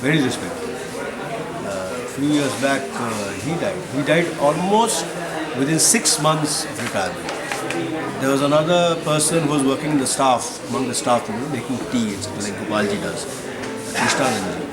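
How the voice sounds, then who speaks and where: Older man, loud crowd behind. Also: mid-range voice, lively intonation, moderate pace. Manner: reminiscing, thoughtful. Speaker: college teacher. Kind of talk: documentary interview. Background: loud crowd chatter.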